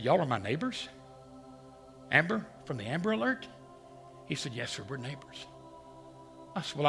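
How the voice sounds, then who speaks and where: A man telling a personal story in a dramatic way, moving between hushed lines and loud ones. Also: on the high side. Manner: dramatic, swings from hushed to shouting. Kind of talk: storytelling talk.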